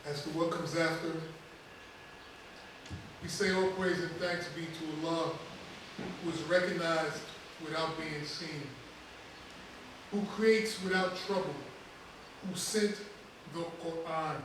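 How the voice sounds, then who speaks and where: A man's voice: fairly high pitch, steady tone, slow, pauses often, noisy background. A man preaching as imam in a mosque. He recites a formal opening, then builds to an emphatic sermon. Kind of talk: Friday sermon. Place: mosque prayer hall. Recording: very echoey hall, mic from a distance.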